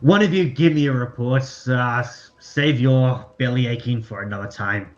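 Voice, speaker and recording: A man doing a curt, gruff female boatswain. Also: medium pitch, moderate pace, muffled recording, natural voice. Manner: curt, brusque.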